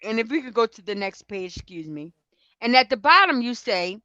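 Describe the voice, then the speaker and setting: A woman co-hosting a livestream who reads a court transcript aloud as the questioning lawyer, in a brisk clipped way, and chats casually between readings. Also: on the high side, very animated, bright, forceful tone, dry recording, dull audio. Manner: questions in a brisk clipped way, each ending with "right?". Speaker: livestream co-host.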